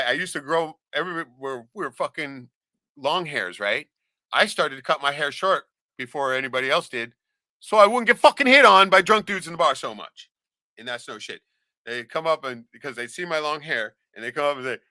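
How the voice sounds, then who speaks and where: A man telling a profane story in casual chat, animated, laughing often and acting out the voices of others. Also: on the high side, normal speed, no room sound, studio quality. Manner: animated, swears a lot, laughs often, acts out quoted voices.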